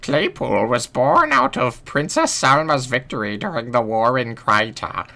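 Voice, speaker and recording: A man voicing a chatty old village woman from a video game who slowly recounts the history of her village. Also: mid-range voice, very animated, creaky, bright, forceful tone, pitched above the performer's own voice, exaggerated voice. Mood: telling history. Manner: slow, lilting storyteller.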